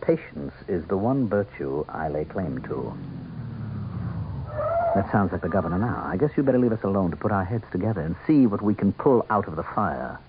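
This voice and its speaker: An actor playing a sly, sardonic male campaign manager who speaks with smooth, mocking politeness in a 1970s radio drama. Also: deep voice, lively intonation, normal speed, noisy background. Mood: menacing. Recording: thin, tinny old radio broadcast.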